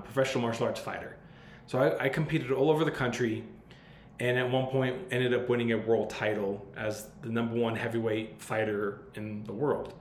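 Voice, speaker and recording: A man hosts a podcast, handing out advice in a loose, blunt, swear-heavy way. His voice sits at a middling pitch. The room around him rings a little, with a faint hiss in the background. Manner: blunt and profane, loose and conversational. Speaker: podcast host. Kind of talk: casual advice monologue. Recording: roomy sound with faint background noise.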